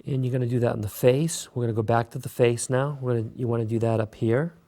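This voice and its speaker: A man hosting a beginner clay sculpting tutorial, talking relaxed and casual while he works. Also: medium pitch, fast talker. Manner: relaxed, talks while working, many fillers. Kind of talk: step-by-step craft tutorial.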